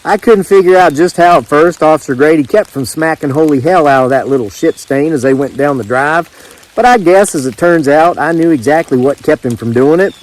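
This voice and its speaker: A man's voice: fairly high pitch, brisk, rough recording. Folksy man reading a story outdoors. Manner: folksy, joking drawl. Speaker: homesteading channel host. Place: outdoors in the rain.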